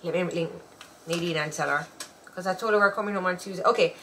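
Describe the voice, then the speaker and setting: Bright, chatty woman. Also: lowish voice, quick pace, a little hiss or hum. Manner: chatty, laughing storyteller. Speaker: podcast co-host. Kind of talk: casual chat.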